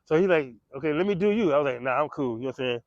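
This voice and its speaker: A high-pitched man tells a street story full of profanity and slang, speaking very fast in a loose, expressive, conversational way and acting out gunshots and other people's lines. The recording is dull and lo-fi, close and dry, with no room sound at all.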